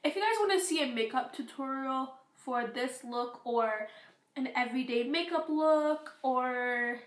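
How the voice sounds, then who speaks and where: A teenage girl chatting through a beauty product review, rambling with fillers, her voice going hoarse. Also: high-pitched, unhurried, reverberant. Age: teens. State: losing her voice. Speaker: beauty vlogger. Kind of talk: casual product review vlog.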